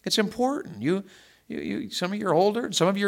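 A middle-aged man preaching a conversational sermon, telling stories and swinging from hushed asides to loud emphatic build-ups, often repeating words. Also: high-pitched, expressive, fast talker, vocal fry.

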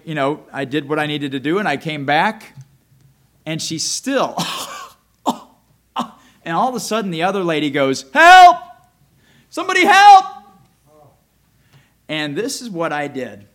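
A pastor with a slightly high voice preaches a sermon conversationally, often asking "all right?". He moves between loud emphasis and quiet, close talk.

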